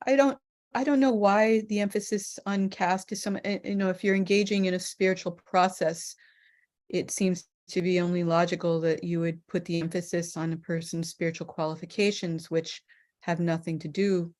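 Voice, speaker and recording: A woman moderating an online scripture study discussion, speaking thoughtfully with frequent pauses and fillers. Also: lowish voice, darkish tone. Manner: thoughtful, hesitant, many fillers.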